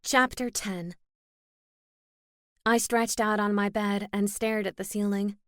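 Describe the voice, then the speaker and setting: A woman's voice: medium pitch, steady tone, takes it slowly, fairly bright tone, no room sound, clean studio sound. Woman narrating a cozy mystery. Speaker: audiobook narrator. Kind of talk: scripted first-person narration.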